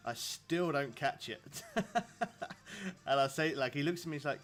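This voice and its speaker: Streaming a fishing game with soft music playing behind him, this chatty English man in his thirties laughs a lot as he rambles to his audience. His pitch sits in the middle, his tone is a bit bright, and he speaks at a normal speed.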